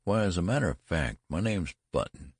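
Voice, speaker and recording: A man's voice: low voice, expressive, normal speed, husky, dry recording, clean studio sound. A man voicing a dignified, grey-haired man who insists in an earnest way that he is eighteen.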